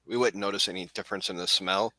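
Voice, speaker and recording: A man playing a tabletop game, joking in a slow, casual way. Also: low-pitched, fairly even intonation, background noise. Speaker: player. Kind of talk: casual chat in character.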